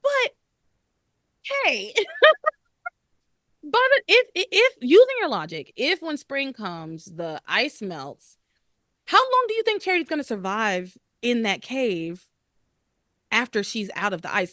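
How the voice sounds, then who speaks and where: A woman hosts a casual podcast, her voice swinging widely in pitch as she acts out bits of the story. Her tone is bright and crisp, recorded dry with no room sound. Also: dry recording. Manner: animated, laughs often, acts out characters' lines. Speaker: podcast host. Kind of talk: casual recap chat.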